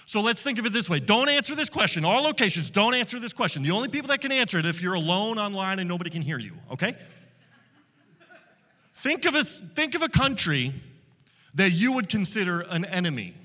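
A man preaching a sermon as pastor, telling a story with animated retellings of quotes. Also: high voice, big-room sound. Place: church hall with multiple locations.

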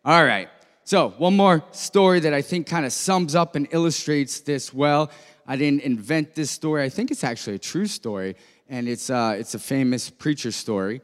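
A man's voice: a little high, moderate pace. A man, a pastor, telling an illustrative story during a sermon in an earnest way. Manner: earnest, voices the characters in his story lightly. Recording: music and long reverb of a church hall.

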